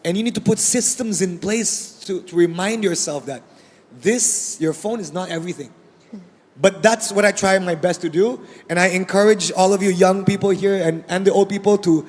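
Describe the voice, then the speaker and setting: A man speaking on a panel, addressing the audience directly in a lively way and often repeating words. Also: high-pitched, moderate pace. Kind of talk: conversational panel talk. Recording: long reverb of a large event hall.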